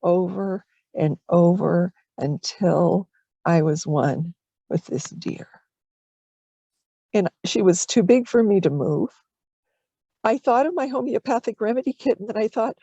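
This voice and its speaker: Meditation teacher, woman, mellow tone, slow heartfelt storytelling, dull dry recording. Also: on the low side, no echo. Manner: slow, tender storytelling, at times tearful. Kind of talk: personal story in a dharma talk.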